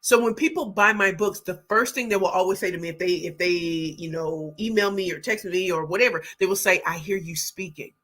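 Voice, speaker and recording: Excitable woman livestream host, bright ringing voice, hollers out names of viewers. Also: fairly low pitch, fairly quick, few pauses. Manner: energetic, exclamatory, shouts out viewers by name. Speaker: livestream host, book pitch coach. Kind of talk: casual livestream chat reading comments.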